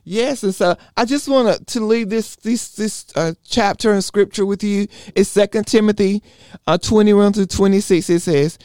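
High-voiced man preaching earnestly. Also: normal speed, darkish tone, clear, resonant tone, no room sound, studio quality. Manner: earnest, rhythmic preaching with repeated phrases. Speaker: Bible study leader. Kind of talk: preaching sermon.

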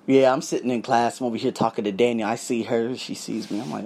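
A man's voice: mid-range voice, fast talker, vocal fry, few pauses, slightly rough. A man in his thirties from Las Vegas, hosting a podcast alone and telling a profane, rambling story with plenty of asides while sipping cognac. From Las Vegas, United States. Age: 30s. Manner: animated, profane, drifts off into asides. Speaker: podcast host. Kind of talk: casual storytelling monologue.

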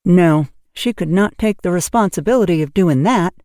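A woman narrating an audiobook with clear, expressive reading. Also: fairly low pitch, normal speed, dry recording, studio quality. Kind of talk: scripted narration.

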